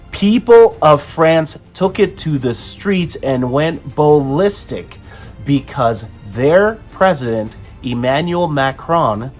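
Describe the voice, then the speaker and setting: A man hosting an opinion commentary, talking emphatically with frequent restarts. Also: fairly high pitch. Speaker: host.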